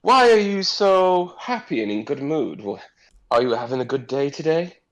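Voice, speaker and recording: A man's voice: fairly high pitch, very animated, moderate pace, voice pushed up, rough recording. A man voicing a pompous, flirtatious nobleman who talks in flowery, overly polite phrases. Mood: smarmy.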